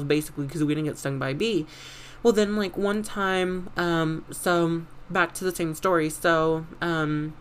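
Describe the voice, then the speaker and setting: A man's voice: a little high, a little hiss or hum. A young man hosting a casual, unedited podcast, rambling through stories with lots of fillers and casual swearing. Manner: lively, animated retelling. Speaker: podcast host.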